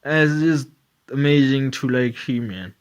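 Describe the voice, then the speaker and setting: A man's voice: medium pitch, unhurried, smooth, lo-fi sound. A man hosting a casual comedy podcast, rambling and profane, with lots of fillers. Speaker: podcast host.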